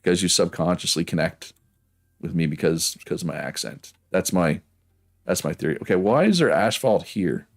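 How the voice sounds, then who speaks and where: This Prince Edward Island man, speaking with the local accent, keeps up a casual, rambling chat as he plays a game on stream and reads messages from chat. His voice sits low and sounds animated, moving at a moderate pace.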